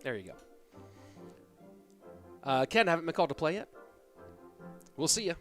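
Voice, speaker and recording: A man's voice: a little high, very animated, normal speed, faint music behind. A man hosting an esports live stream, chatting in a laid-back, joking way. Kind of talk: casual live-stream commentary.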